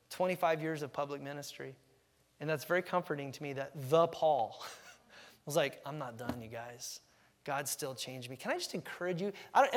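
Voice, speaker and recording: A man preaching a sermon as pastor, lively and acting out quoted thoughts with big jumps in voice. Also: in a large hall. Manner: animated, acts out quotes with big pitch jumps.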